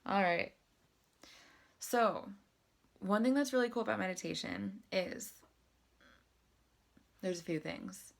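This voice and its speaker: A woman's voice: mid-range voice, slow, gravelly, long pauses. A young adult woman talking casually to camera about breathing and meditation, chatty and self-deprecating, with lots of fillers. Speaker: vlogger.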